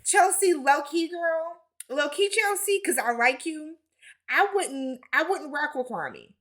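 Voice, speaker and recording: A woman's voice: high-pitched, animated, takes it slowly, a bit bright. A woman giving a casual recap of a reality TV episode, with sassy, blunt commentary and slangy asides.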